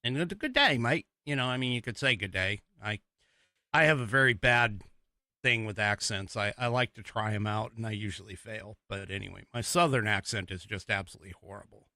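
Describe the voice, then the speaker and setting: Hosting a live-stream podcast, an American man rambles chattily, full of fillers and restarts. His voice is on the low side, steady and brisk with a sharp tone. The studio-quality recording has no echo.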